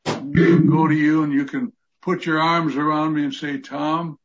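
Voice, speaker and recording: A man's voice: fairly high pitch, flat delivery, moderate pace. An 85-year-old man giving an earnest, emotional testimony of gratitude in a group video call. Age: 80s. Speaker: fellowship group member. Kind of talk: heartfelt testimony in group chat. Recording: muffled lo-fi video call audio.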